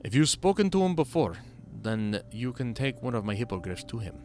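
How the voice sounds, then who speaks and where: A helpful quest-giver from a fantasy game explains travel routes in a friendly, everyday tone, read by a man in nearly his own voice. The delivery is lively in pitch. Game music hums faintly behind. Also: brisk, natural voice.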